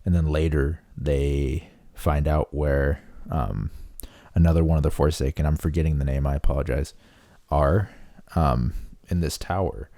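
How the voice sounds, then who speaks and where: A man casually recapping a book for his channel, excited and full of "like" and "um". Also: rumbling low, measured pace, no room sound. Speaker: book reviewer.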